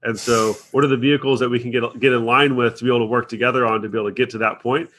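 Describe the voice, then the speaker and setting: A man's voice: mid-range voice, level tone, rapid-fire, fairly bright tone, a little hiss or hum. A man talking as a podcast guest in casual chat, rambling and restarting his phrases.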